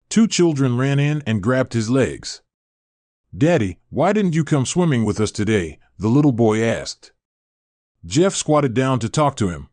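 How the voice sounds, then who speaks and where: A man's voice: mid-range voice, darkish tone, dry recording, clean studio sound. A man reading a scripted story aloud, narration and dialogue alike in one voice, with the same lines repeated over and over. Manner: reads every character in one voice, barely changing it.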